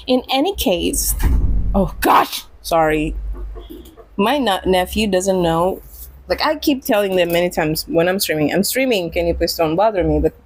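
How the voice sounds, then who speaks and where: A woman with a mid-range, darkish voice chats casually while gaming, on a dry, poor-quality recording. The streamer rambles and giggles a lot, laughing often and restarting her sentences.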